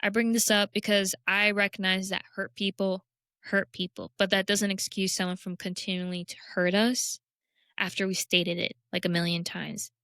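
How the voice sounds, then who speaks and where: Young woman, self-help talk host, candid, self-deprecating, smooth voice, dry close sound. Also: medium pitch, flat delivery, moderate pace, sharp tone, no echo. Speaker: podcast host.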